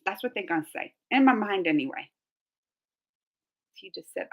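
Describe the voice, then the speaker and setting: A woman's voice: medium pitch, expressive, normal speed, long pauses, a bit bright. A young woman hosting a casual live stream, chatting and giggling as she reads out viewer comments. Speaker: reaction channel host.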